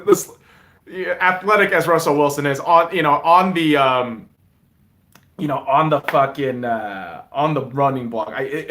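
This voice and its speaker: A man hosting a podcast, ranting casually about football with lots of swearing, dropping into mumbled asides and jumping to loud outbursts. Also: fairly high pitch. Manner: profane, swings between mumbling asides and loud excited outbursts. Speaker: podcast host. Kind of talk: casual sports rant.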